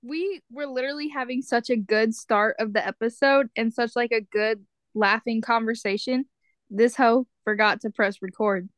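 A woman's voice: on the high side, fairly even intonation, moderate pace. A woman co-hosting a podcast in casual chat, teasing and slangy. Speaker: podcast co-host.

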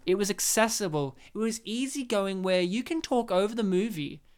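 A woman hosting a casual movie review podcast, talking excitedly and laughing often. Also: medium pitch, moderate pace. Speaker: podcast host.

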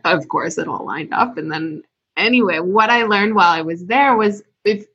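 A woman hosting a casual interview, chatting in a relaxed way with many fillers. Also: medium pitch, moderate pace, breathy edge, no echo. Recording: dull, dry, lo-fi sound.

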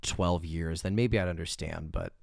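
A man chatting casually in a movie review podcast, rambling with lots of filler words and animated bursts. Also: low voice, normal speed, creaky, no room sound, clean studio sound. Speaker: podcast co-host.

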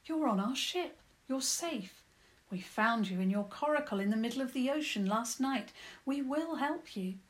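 A woman voicing a kind young girl who speaks gently and reassuringly in a children's story. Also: fairly high pitch, lively intonation, moderate pace, pitched above the performer's own voice, natural voice.

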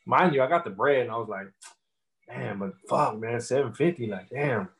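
A man's voice: medium pitch, animated, moderate pace, vocal fry, over a noisy crowd. A man, a rapper telling stories loosely with lots of swearing and fillers. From Texas. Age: 30s. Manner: loose, profane storytelling with many fillers. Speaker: rapper guest. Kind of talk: casual interview.

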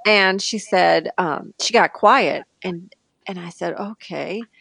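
A woman speaking candidly as a guest in a personal conversation, halting with frequent restarts and turning animated when she quotes others. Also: fairly low pitch, vocal fry, husky, dry recording.

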